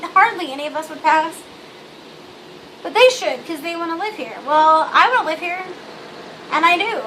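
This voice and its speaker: Bubbly girl ranting on her vlog, high voice, lotta "like"s, kinda noisy audio. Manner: bubbly, blunt, rambling with many fillers. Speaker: vlogger. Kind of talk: casual vlog monologue. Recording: noisy home recording.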